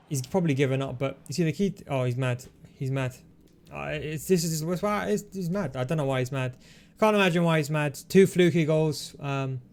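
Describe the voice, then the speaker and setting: A man hosting a gaming tutorial, talking through his moves in a relaxed, coaching way as he plays. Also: a little high. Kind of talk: commentary over gameplay.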